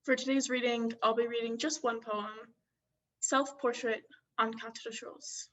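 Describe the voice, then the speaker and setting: A woman in her twenties, a graduating student poet, gives a playful poetry reading full of wordplay. Her voice is a little high and fairly bright, her delivery flat and unhurried. The recording is distant, dull and lo-fi.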